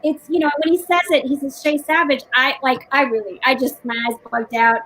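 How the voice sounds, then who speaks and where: A woman with a high, fairly bright voice talks fairly quickly while co-hosting a casual book chat over a video call. She rambles, restarts often and laughs a lot. The audio is poor, with faint background noise.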